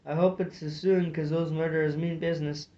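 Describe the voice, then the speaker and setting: A rowdy little Highland squirrel fighter with a brogue, as a man reads him, tossing out bold banter. The sound is dull and lo-fi. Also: level tone, moderate pace, noisy background, lightly acted. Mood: indignant. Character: hot-tempered male Highland squirrel warrior. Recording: dull lo-fi recording.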